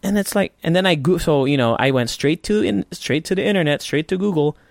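A man's voice: on the high side, fairly quick, creaky, no room sound, clean studio sound. A man hosting a casual solo podcast, rambling and swearing freely with frequent restarts. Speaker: podcast host.

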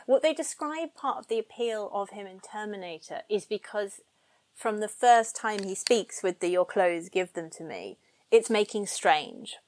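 A woman guest on a podcast interview, talking in a lively way and thinking aloud with restarts. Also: medium pitch, moderate pace. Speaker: guest scholar.

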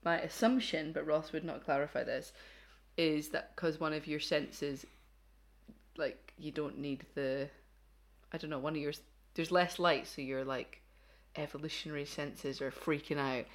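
A woman's voice: deep voice, steady tone, unhurried. A woman co-hosting a podcast, chatting in a rambling way and laughing easily. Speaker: podcast co-host. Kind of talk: casual chat.

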